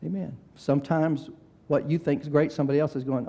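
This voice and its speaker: An older man preaching a sermon, swinging between loud, shouted exhortation and quiet, chatty family stories. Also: on the high side, fairly even intonation, a little fast. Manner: preaching that swells to shouting, then drops into soft storytelling. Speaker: pastor. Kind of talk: sermon with storytelling.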